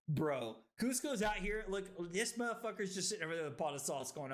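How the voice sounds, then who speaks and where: A man streaming a card game, tipsy from drinking, who breaks into loud excited outbursts and giggly laughter. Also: high-pitched, normal speed. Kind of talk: live stream gameplay commentary.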